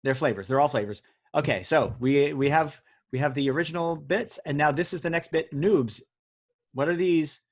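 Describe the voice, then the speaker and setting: A man's voice: a little high, moderate pace. Joking man hosting a quiz. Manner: joking, teasing, chatty. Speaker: quiz host. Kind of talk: hosting a live online word quiz. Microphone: video call audio.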